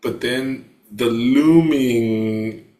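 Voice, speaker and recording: A man's voice: mid-range voice, extremely slow, warm tone. A man hosting an interview, asking long, winding, encouraging questions. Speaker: podcast host.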